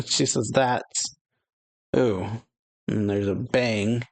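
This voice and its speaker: A man casually reading a manga chapter aloud and retelling its dialogue, with lots of "yeah" and "uh" and quick exclamations. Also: fairly low pitch, vocal fry. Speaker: anime reaction channel host. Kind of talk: casual manga read-along with reactions.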